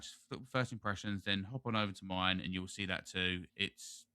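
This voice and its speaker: A man's voice: deep voice, fairly quick, pushed and bright, clear, resonant tone, dry recording. A British man hosting a gaming podcast, chatting casually in a rambling, jokey way. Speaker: podcast host. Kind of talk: casual chat.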